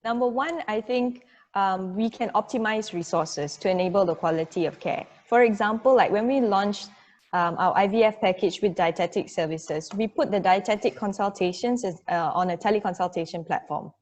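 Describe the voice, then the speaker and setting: A woman's voice: medium pitch, moderate pace, a little mellow. A woman, a healthcare executive, speaking confidently and fluently on a webinar panel over a video call. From Malaysia.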